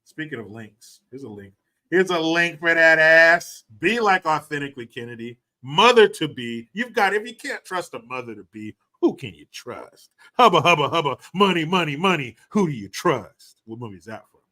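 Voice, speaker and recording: A man's voice: on the high side, very animated, normal speed, sharp tone. A man hosting a livestream and commenting in a mocking, profane, casual way. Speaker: livestream host.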